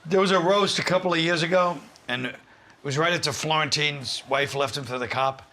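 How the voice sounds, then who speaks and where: A man's voice: on the high side, fairly quick, sharp tone. A male comedian guest, grumbling and swearing through casual banter. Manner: gruff, complaining, swears a lot.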